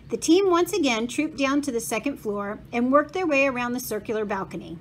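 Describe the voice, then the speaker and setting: A school principal reads a children's novel aloud with lively storytelling. Her voice is fairly high. A faint hiss sits underneath. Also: normal speed, hardly any pauses.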